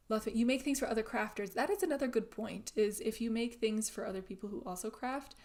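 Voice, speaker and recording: Woman, craft livestream host, casual chat, mid-pitched voice, loose and rambling. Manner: chatty, warm-hearted, trails off and restarts. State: out of breath. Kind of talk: casual chat reading viewer comments.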